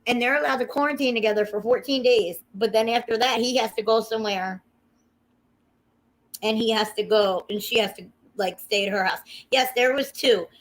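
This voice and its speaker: A woman hosting a livestream, chatting casually in an excitable, gossipy way, swearing freely and talking to her viewers. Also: fairly high pitch. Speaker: livestream host. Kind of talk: casual chat.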